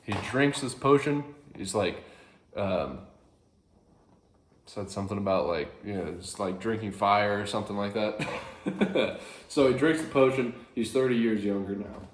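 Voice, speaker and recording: A man's voice: lowish voice, expressive, unhurried, reverberant. A man casually explaining a classic play in a rambling, chuckling way, often correcting himself. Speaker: video host explaining a play.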